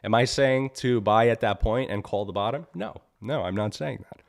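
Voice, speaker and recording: A man's voice: lowish voice, moderate pace, gravelly. Annoyed man hosting a live market stream. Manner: blunt, repeats himself, asks "right?" often. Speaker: trading stream host.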